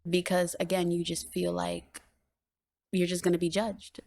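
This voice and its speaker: A woman's voice: lowish voice, a little slow, gravelly. A woman guest on a podcast, telling a personal story casually and acting out the dialogue in it. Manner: animated, acts out quoted dialogue.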